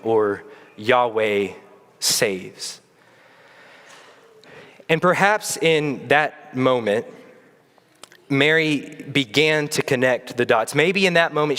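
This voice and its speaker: A man preaching a sermon, telling the story in a conversational way, with pauses and phrases that fall away at the ends. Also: a little high, a bit bright. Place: church sanctuary. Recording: long church reverb.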